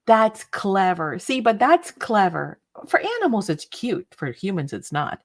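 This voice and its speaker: A woman's voice: mid-range voice, very animated, takes it slowly, slightly rough. A woman hosting a casual craft livestream, chatting and laughing often and greeting viewers by name.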